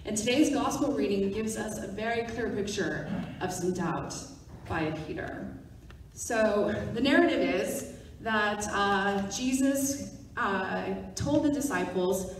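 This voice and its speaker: A woman's voice: mid-range voice, slow, a little hiss or hum. A woman deacon giving a homily, chatting directly to listeners at home. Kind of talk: conversational sermon. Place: church sanctuary. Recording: echoey church from far off.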